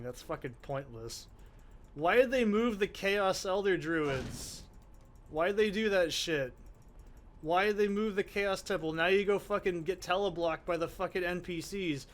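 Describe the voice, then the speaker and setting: A man's voice: fairly high pitch, fairly bright tone. A man ranting with heavy profanity and exasperation while commentating his own gameplay. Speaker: gaming channel host. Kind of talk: let's play commentary.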